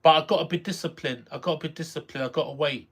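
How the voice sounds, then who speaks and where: A streamer casually reacting live to a game, excitable, repeating phrases and exclaiming. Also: mid-range voice, fast.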